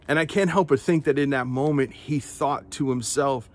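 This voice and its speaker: A male pastor giving an earnest devotional talk, often repeating his words as he goes. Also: mid-range voice. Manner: earnest and unhurried, with frequent word repeats.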